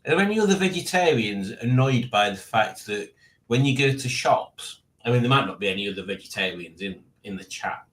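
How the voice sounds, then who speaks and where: A man's voice: medium pitch, expressive, brisk, a bit bright. A man in his late forties hosting a casual live stream, rambling and reading out chat with self-mocking asides. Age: 40s.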